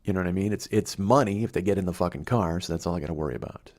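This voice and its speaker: A man's voice: low-pitched, very fast, darkish tone. A middle-aged man hosting a podcast, telling a rambling, profane comedic story in a conversational way. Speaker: podcast host.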